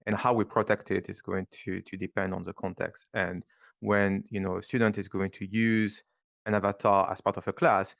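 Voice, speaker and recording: A man with a French accent speaking on a panel, pausing often with fillers as he works through his points. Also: sits low, level tone, creaky, a bit bright, no room sound, lo-fi sound. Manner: thoughtful, halting, many fillers. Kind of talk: panel discussion.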